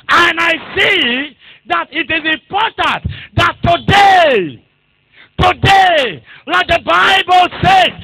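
A man preaching, in a very high, bright voice that swoops and leaps across his range. He drops to quiet asides, then climbs to fervent, shouted exhortation. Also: no echo, rough recording. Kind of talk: sermon.

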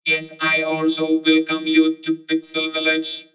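A man using a voice changer to speak as an obedient male servant creature, replying slowly and dutifully. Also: a little high, completely flat delivery, sharp tone, voice pushed up. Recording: echoey room with faint noise.

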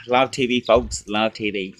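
A man with a fairly low voice rants and swears in a casual vlog. He taunts his critics between sips. He is recorded outdoors in a garden with a faint hiss of noise behind him. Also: steady tone, slow pace. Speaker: drinking vlogger.

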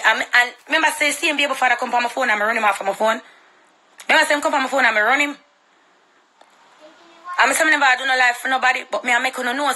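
A woman's voice: on the high side, pushed and bright, low-quality recording. A young Jamaican woman with a Jamaican accent delivering a confrontational, profanity-laced social media rant.

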